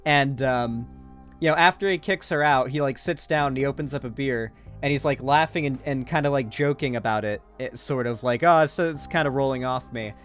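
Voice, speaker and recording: A man's voice: mid-range voice, a little fast, fairly bright tone, soft background music. Sarcastic, rambling male commentator. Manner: sarcastic and profane, many fillers and restarts. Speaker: online commentator. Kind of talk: casual political commentary, recapping a movie.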